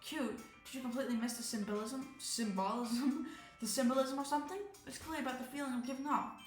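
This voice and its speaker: A prickly, defensive teenage girl with a snappy, indignant edge, pitched a little higher as a woman puts her on while reading a visual novel. The voice sits in a roomy space with faint game music behind it. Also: fairly even intonation, quick pace, recorded from a distance, natural voice.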